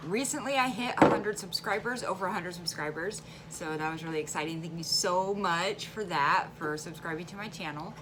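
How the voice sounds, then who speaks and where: A woman's voice: fairly low pitch, normal speed, few pauses, noisy background. Chatty woman with a central Illinois accent. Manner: chatty, animated, laughs easily. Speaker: vlogger. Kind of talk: casual chat.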